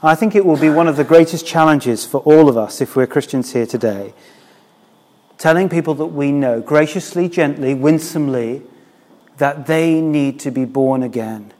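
A middle-aged man delivers a sermon, his voice sitting a little higher than most men's. He talks to the congregation in a relaxed, conversational way. He keeps drawing them in with rhetorical questions. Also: moderate pace. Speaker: preacher.

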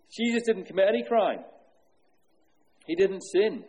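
A man preaching an earnest sermon from the pulpit, with a husky, mellow voice that sits a little high. He asks the congregation questions and sinks low and slow on solemn words. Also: expressive. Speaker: pastor.

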